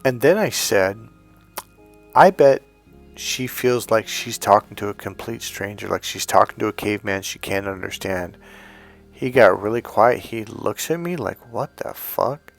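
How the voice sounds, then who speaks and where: A middle-aged man with a lowish voice tells stories as a dating coach. He swears freely and plays out each side of a conversation. Faint music runs underneath. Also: lively intonation, normal speed, gravelly. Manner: blunt, profane, acts out both sides of conversations. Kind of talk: storytelling to camera.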